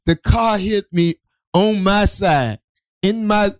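A man's voice: sits high, slow. A man co-hosting a talk show, telling a rambling, profane story with many restarts. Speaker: co-host. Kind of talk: casual storytelling chat.

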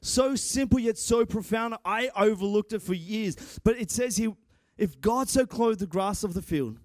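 A young man delivering a church sermon, his voice sitting a little high for a man. He talks in an animated, excitable way, tripping over restarts and rising into shouts. The sound is close and dry. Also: normal speed, dry recording. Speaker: preacher and church guitarist.

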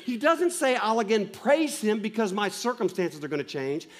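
High-voiced impassioned male preacher. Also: animated, normal speed. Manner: impassioned, swinging from loud emphasis to hushed lows; repeats lines for emphasis, asks the listeners questions. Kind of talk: sermon.

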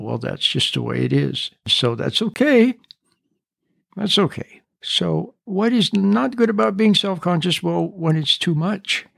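Guy with a kinda high gravelly voice doing a casual advice podcast, repeats himself a lot, dry room sound. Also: no echo. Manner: plain-spoken, repeats key phrases. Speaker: podcast host. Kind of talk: unscripted advice talk.

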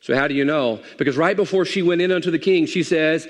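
A man's voice: on the high side, quick pace, big-room sound. A man preaching a sermon as pastor in a folksy, conversational way, in a church sanctuary.

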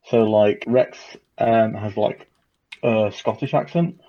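A man's voice: fairly low pitch, takes it slowly. A man co-hosting a gaming podcast, talking casually and hesitantly with many fillers. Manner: hesitant, many ums and likes. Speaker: podcast co-host. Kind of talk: casual chat. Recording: dull lo-fi mic.

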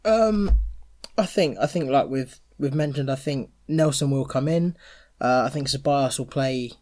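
A man's voice: medium pitch, normal speed, a little mellow. Chatty man on a football podcast. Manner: chatty, repeats words when stressing a point. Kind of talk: casual football podcast chat.

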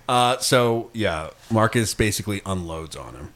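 A man's voice: lowish voice, big pitch swings, unhurried, noisy background. A young man hosting a casual chat, recapping a film scene by scene, swearing and laughing a lot. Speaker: podcast host.

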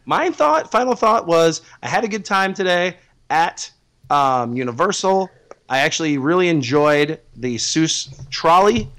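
A man's voice: fairly high pitch, sing-song, unhurried, fairly bright tone. A man hosting a casual podcast chat in an easygoing manner. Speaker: podcast host.

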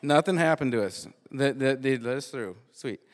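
A man tells a story in a loose, lively way, stumbling over and repeating words as he goes. His voice sits at an ordinary middle pitch. The sound carries a long reverb, as in a hall. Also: normal speed. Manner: animated, repeats and restarts words often. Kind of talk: live casual storytelling.

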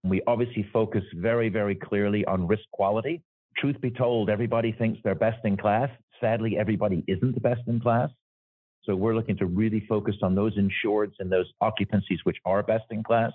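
A man's voice: on the low side, steady tone, fairly quick, no room sound. A man working as an insurance executive, explaining his business in an interview and often checking in with "right?". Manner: explanatory, tags points with "right?". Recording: dry, phone-like remote audio.

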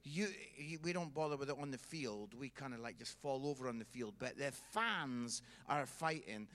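A Scottish man doing a stand-up comedy routine, telling a story in a chatty way and keeping the audience involved with quick "yeah?" check-ins. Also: medium pitch, expressive, fairly bright tone. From Scotland.

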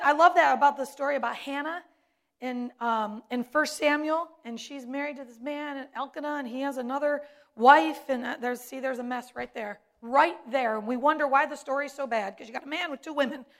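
A woman preaches from the pulpit in a high, bright-sounding voice. She leans hard on single words, repeating them for emphasis. Her delivery is warm, personal and sermon-paced. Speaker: preacher, pastor's wife.

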